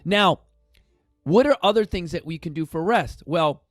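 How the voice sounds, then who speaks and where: A man with a somewhat high voice hosts a casual fitness talk, speaking bluntly and chattily to his viewers. He swears now and then for emphasis. The sound is close and dry, with little room echo. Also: expressive, normal speed, soft background music. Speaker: fitness studio founder and show host. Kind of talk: casual motivational talk to camera. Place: fitness studio.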